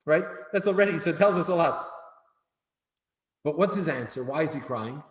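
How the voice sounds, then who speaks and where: A man's voice: on the high side, expressive, normal speed. A man teaching an evening class in a conversational way, often checking in with "right?". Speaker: Jewish studies teacher. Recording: echoey hall.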